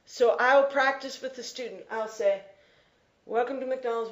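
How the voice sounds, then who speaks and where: A woman teaching an English class, explaining slowly and repeating key phrases. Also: fairly high pitch, highs cut off. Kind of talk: classroom lecture.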